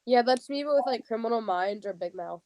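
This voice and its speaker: A woman's voice: on the high side, expressive, fairly quick, a little mellow. A young woman in casual banter on a livestream hangout.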